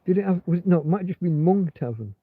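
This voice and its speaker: Male livestream host, meandering chatty delivery, slightly high voice, thin phone-like sound. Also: animated, fast, dry recording. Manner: meandering, many restarts and filler words. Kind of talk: rambling casual livestream chat.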